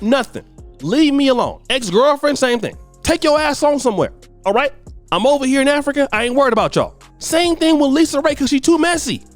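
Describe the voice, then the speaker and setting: A man hosting a celebrity gossip show, giving blunt, scolding commentary full of slang. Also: very high voice. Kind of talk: ranting commentary.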